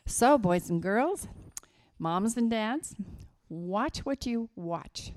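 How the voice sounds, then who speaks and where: At church, a West Virginia woman with a fairly low voice delivers a children's sermon, telling the kids a story slowly and with emphasis.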